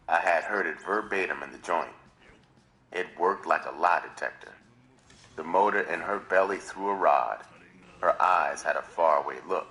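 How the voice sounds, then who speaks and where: A man's voice: deep voice, normal speed, sharp tone. A man reading a novel aloud on a live stream in dramatic first-person narration. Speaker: reader.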